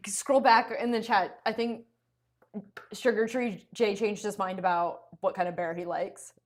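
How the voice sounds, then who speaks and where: A woman's voice: medium pitch, fairly even intonation, unhurried. A woman co-hosting a casual livestream, playful and teasing, laughing often. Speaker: livestream co-host.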